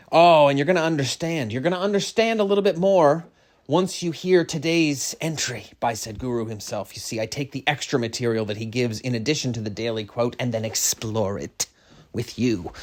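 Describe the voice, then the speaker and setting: A middle-aged man rambling through a comic podcast monologue. His pitch bounces all over the place as he drops into mock-serious near-whispers and then jumps back up loudly. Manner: rambling and jokey, swinging between mock-solemn hush and sudden loud bursts. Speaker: podcast host.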